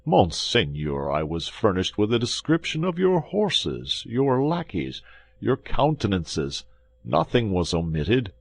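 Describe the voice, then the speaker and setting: A man's voice: on the low side, wildly swooping pitch, slow, vocal fry, no room sound, voice pushed up, full character voice. A man voicing a frightened innkeeper who pleads in a trembling, pitiable voice. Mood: anxious.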